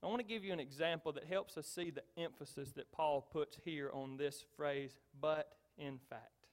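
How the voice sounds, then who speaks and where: Preaching as pastor, a middle-aged man drives his points home through repetition, moving between loud emphasis and quiet asides. His pitch is fairly high, his intonation fairly even, and his pace moderate.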